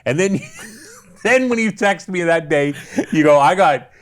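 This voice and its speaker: A man's voice: on the high side, expressive, a little slow. A man, a former wrestler, telling rambling stories with crude jokes as a guest on a casual podcast. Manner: rambling storyteller, crude joking, restarts often.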